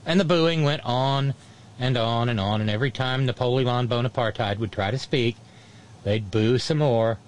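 A man's voice: medium pitch, normal speed. A man hosting a political commentary show, talking in a sarcastic, blunt and profane way.

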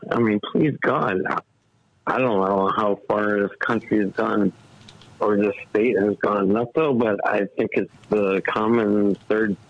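Male caller, low gravelly voice, rambling and profane, dull lo-fi line. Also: fairly even intonation, a little slow, no room sound. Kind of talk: casual call-in talk.

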